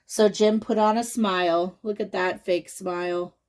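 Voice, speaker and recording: A woman's voice: medium pitch, steady tone, measured pace, a little mellow. A woman reading a picture book aloud to children, chatting and asking them questions along the way. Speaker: children's story reader.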